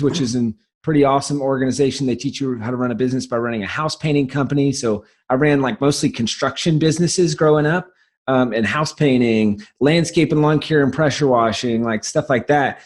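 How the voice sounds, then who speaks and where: A man with a light Southern US accent talks as a podcast guest, eager and quick, often restarting his sentences. His voice sits at an ordinary middle pitch. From South Carolina. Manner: fast, enthusiastic storytelling with frequent restarts. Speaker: guest, business founder. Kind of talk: casual podcast interview.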